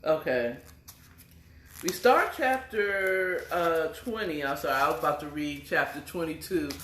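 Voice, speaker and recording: A woman's voice: low-pitched, animated, measured pace, fairly bright tone, slight background noise. A woman casually retelling a romance novel chapter, chatty and full of fillers and self-corrections. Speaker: storyteller. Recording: echoey room.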